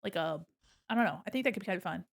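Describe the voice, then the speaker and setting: A woman's voice: lowish voice, lively intonation, very fast, gravelly. A woman streamer chatting casually with her viewers while she draws, giggling often and swearing now and then. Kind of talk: casual livestream chat while drawing.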